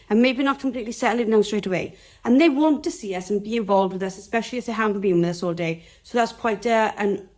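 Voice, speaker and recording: A woman's voice: medium pitch, a little mellow. A woman with a Welsh accent, a dog trainer hosting a casual live teaching session, chatty and rambling as she talks straight to her viewers.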